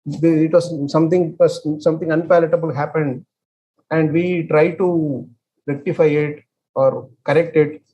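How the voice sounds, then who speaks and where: A man leading an online scripture class. He explains with many fillers and restarts and chants verses very slowly. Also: fairly high pitch, fairly even intonation, dark tone, dull audio. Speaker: scripture study teacher.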